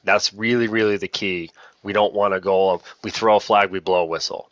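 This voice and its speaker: A man's voice: lowish voice, steady tone, fairly quick, a bit bright, no echo, lo-fi sound. A man training new lacrosse officials in a casual, self-deprecating way, often repeating key points. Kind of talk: casual online training talk.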